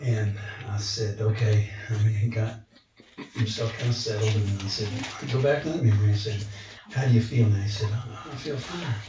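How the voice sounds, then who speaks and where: A man's voice: fairly low pitch, moderate pace, background noise. A man telling a storytelling testimony to a church gathering, acting out the voices he quotes. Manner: animated retelling, acts out quoted voices. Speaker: speaker sharing testimony. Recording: roomy, distant, dull church recording.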